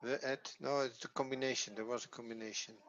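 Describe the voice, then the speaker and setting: A man teaching a Hebrew class online, patient and encouraging, often pausing and restarting. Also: mid-range voice, fairly even intonation, a bit bright. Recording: dull, lo-fi, dry.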